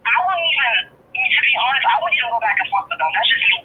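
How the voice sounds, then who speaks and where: Woman caller on a phone line, kinda high lively voice, chatty and blunt, tinny with some hiss. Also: fast talker. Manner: candid, talkative, frequent fillers. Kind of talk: phone-in chat. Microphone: telephone.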